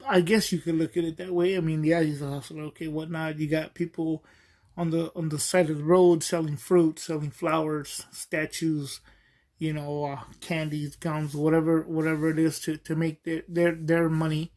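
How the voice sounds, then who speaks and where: A man hosts a podcast in a loose, rambling monologue, his voice sitting a little high. He wanders through his stories with lots of ums and restarts and often chuckles as he goes. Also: little pitch movement, moderate pace, darkish tone. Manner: rambling, with many fillers and restarts. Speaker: podcast host.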